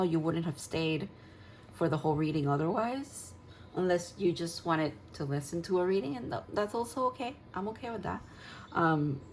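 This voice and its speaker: A woman's voice: low voice, darkish tone, a little hiss or hum, low-quality recording. A woman tarot reader talking through a casual spoken card reading, dreamy and gushing, rambling with fillers.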